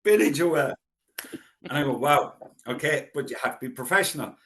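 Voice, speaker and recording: A middle-aged Irish man spins stories at an easy, chatty pace. His pitch sits in the middle, and he drops into little voices to act out what people said. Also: fast, fairly bright tone, a little hiss or hum. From Ireland. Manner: chatty anecdotal storyteller, acts out quoted voices. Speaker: guest, local historian. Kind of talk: casual storytelling interview.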